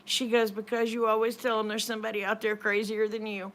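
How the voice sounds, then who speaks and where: A woman's voice: a little high, completely flat delivery, a little fast, a bit bright, slight background noise. A middle-aged woman, retelling a conversation in a chatty, rambling way. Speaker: vlogger. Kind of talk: casual storytelling.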